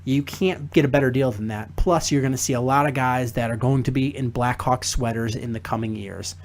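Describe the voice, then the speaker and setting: A man's voice: medium pitch, brisk, slight background noise. A young man hosting a casual sports talk podcast, reading a sponsor spot and chatting with guests. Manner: animated, laughs while telling stories. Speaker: podcast host.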